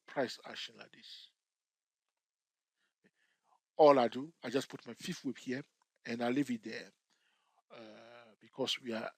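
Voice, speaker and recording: A man gives a screen-share lesson on chart trading, repeatedly checking in with "okay?" and "all right?" and cracking the occasional joke at his own expense. His voice is mid-range, and the recording is dry.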